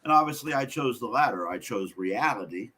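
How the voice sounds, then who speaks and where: Podcast guest, male, husky voice with lively swings in pitch, blunt and profane storyteller. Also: a little fast. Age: adult. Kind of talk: candid personal storytelling.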